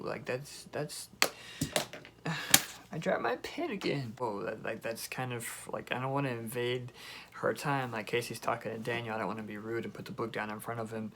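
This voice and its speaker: Young guy doing a storytime video, super excited, rambles a lot, mid voice. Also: mid-range voice, gravelly, slight background noise. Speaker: YouTuber. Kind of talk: storytime vlog.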